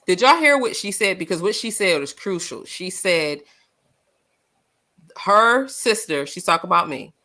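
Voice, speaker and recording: A woman co-hosting a live discussion show, loud and passionate, telling stories with acted-out quotes. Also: lowish voice, unhurried. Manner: animated, storytelling with acted quotes. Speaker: podcast co-host.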